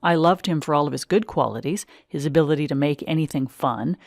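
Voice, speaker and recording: Audiobook narrator, female, low voice, measured and expressive, dry close mic. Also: gravelly, no room sound. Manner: measured, expressive first-person reading.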